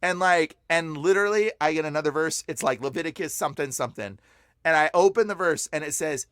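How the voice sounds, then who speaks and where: A young man on a podcast telling a personal story with lots of excitement, his voice jumping up whenever he quotes himself. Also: a little high, fairly quick, no room sound, studio quality. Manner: excitable, voice jumps up when quoting himself. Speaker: podcast guest.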